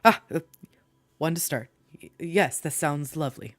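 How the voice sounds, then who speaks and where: A woman voicing a tiny, prim and proper male gentleman in a tabletop game, stammering and laughing nervously. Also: deep voice, normal speed, dry recording, natural voice. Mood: flustered.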